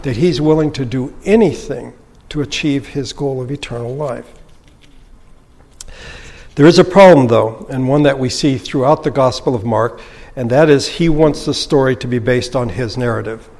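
Man, Bible teacher, measured lecture delivery, mid-pitched voice, long reverb around him. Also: a little mellow. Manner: thoughtful, measured, with occasional restarts.

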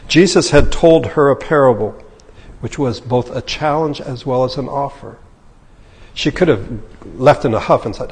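Husky-voiced male pastor in a reverberant church. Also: medium pitch, unhurried, a little mellow. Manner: conversational, paraphrasing scripture in casual speech. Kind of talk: sermon.

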